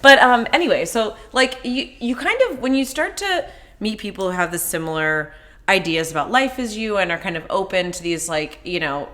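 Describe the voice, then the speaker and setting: A woman's voice: medium pitch, animated, normal speed, sharp tone. A woman co-hosting a podcast in casual chat, earnest with a dry sarcastic streak. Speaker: podcast co-host.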